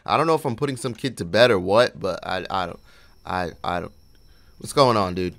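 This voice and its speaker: A man's voice: low-pitched, fairly quick, gravelly, fairly bright tone. A young man hosting his gaming channel, giving loose, profane, joking commentary as he plays and breaking into bits of freestyle rap.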